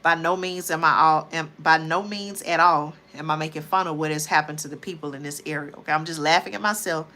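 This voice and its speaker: A woman's voice: low voice, fairly even intonation, brisk, few pauses, sharp tone. A woman hosting a late-night livestream, tired and chatty, often talking to viewers as y'all. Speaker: livestream host. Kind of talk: casual livestream talk.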